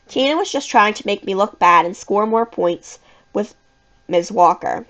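A woman narrating a children's scary story in the first person, with an expressive, suspenseful reading. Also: mid-range voice, normal speed, low-quality recording. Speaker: audiobook reader.

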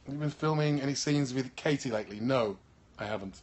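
Tired man from Birmingham, actor, relaxed live-stream chat through a handheld phone, throat-clearing, trailing ums. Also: mid-range voice, a little fast. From Birmingham, England. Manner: laid-back, keeps clearing his throat, trails off with ums. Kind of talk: casual live-stream chat, reading viewer comments. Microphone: phone held in hand.

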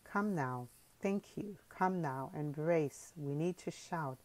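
A woman's voice: low-pitched, slow, a little mellow. A woman voicing a sincere, firm young man.

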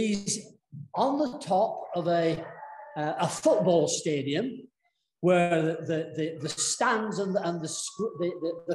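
Earnest preacher with a Northern English accent, roomy. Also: male voice, high voice, a little hiss or hum. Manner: earnest, storytelling with many restarts. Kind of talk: sermon. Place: church.

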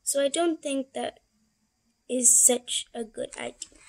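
A woman's voice: sits high, slow pace, darkish tone, heavily acted. A woman voicing a timid, worried mother cat in a picture book, reading anxiously.

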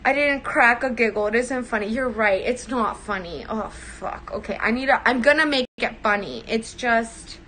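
A woman's voice: fairly high pitch, lively intonation, normal speed, few pauses, pushed and bright, a little hiss or hum, poor audio. A young woman chatting casually on a livestream, giggly and self-conscious as she practices a character. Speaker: livestream host.

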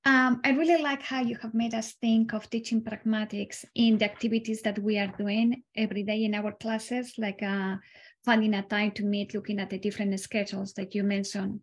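A woman asks a question from the audience after a lecture. She speaks in a thoughtful, measured way, building up her point before she asks it. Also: mid-range voice, level tone. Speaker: audience member asking a question.

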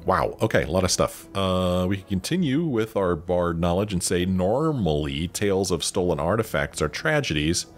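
Faint game music plays behind a man hosting a let's play. His low voice is very animated, moving at a moderate pace with few pauses as he chats casually and reads dialogue options aloud.

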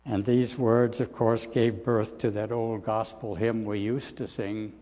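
A male pastor preaching a sermon in a dramatic style, often sinking to soft, low endings. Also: level tone, unhurried, long reverb tail. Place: church sanctuary.

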